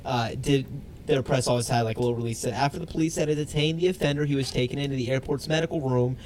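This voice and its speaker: A man's voice: medium pitch, fast talker, a little mellow, a little hiss or hum. A man co-hosting a casual podcast, cracking dry jokes and swearing freely as he banters. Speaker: podcast co-host.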